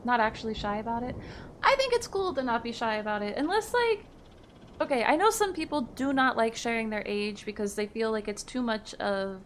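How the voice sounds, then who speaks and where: A woman's voice: a little high, lively intonation, fairly quick, slight background noise. A woman in her thirties casually chatting with viewers on a live stream, laughing easily and reading their messages aloud. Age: 30s.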